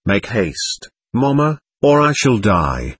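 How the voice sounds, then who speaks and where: Bossy teenage girl in a storybook reading, voiced by a man, husky and lively, urgent. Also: fairly low pitch, takes it slowly, no echo, heavily acted. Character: impetuous, imperious teenage girl.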